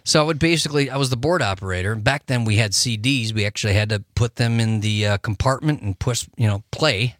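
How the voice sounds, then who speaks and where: A man's voice: mid-range voice, fairly quick, hardly any pauses, no echo, clean studio sound. A man chatting as a guest on a radio show, rambling and laughing often. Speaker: musician guest. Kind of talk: casual radio interview.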